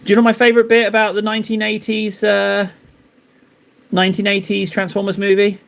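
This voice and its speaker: A man's voice: high-pitched, completely flat delivery, a little fast, creaky, a bit bright. A young adult man hosting a live stream, chatting casually and playfully with viewers while painting miniatures, teasing them in mock-dramatic bursts.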